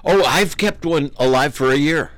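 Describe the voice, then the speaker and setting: A man co-hosting a radio show in the studio, playful and quick to laugh. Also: on the high side, a bit bright. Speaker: radio co-host. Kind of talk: casual radio talk.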